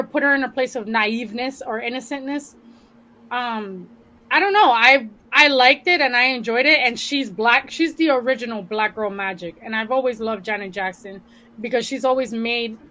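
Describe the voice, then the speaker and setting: Woman on a podcast with a high, bright voice, speaking bluntly and frankly and swearing without hesitation. She talks in an easy, casual way. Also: low-quality recording. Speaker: podcast co-host. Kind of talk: casual chat.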